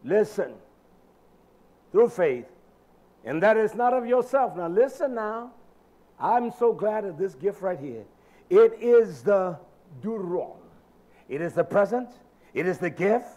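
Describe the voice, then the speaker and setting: A man preaching a sermon, emphatic and addressing his listeners directly, swinging between soft and loud delivery. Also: sits high, lively intonation, moderate pace.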